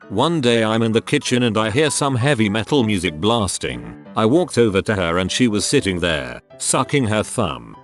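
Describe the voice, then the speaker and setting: A man narrating a string of short forum posts in a steady, even reading manner. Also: on the low side. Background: faint background music.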